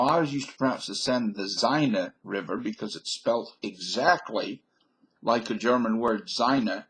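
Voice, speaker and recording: Husky older man. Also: lowish voice. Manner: folksy, digressive, wisecracking. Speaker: vlogger. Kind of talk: rambling monologue to camera. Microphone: webcam.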